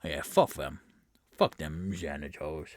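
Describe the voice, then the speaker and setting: A man's voice: very deep voice, steady tone, slow pace, dry recording, clean studio sound, voice pushed down, exaggerated voice. A man voicing a coarse, foul-mouthed male bandit leader in a solo tabletop game, rambling through a stream of complaints. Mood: griping. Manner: swears constantly, rambling grievance.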